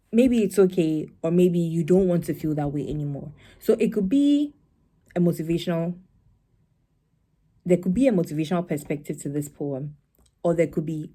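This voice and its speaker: A young woman, a spoken word poet talking her audience through her poem in a reflective, conversational way. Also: dark tone. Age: young adult. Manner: reflective, conversational, acts out quoted voices in a higher tone.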